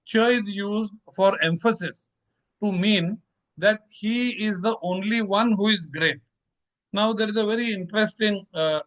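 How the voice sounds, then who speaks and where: A man presenting a measured, explanatory lecture on scripture, reciting verses slowly. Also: high voice, fairly bright tone, low-quality recording.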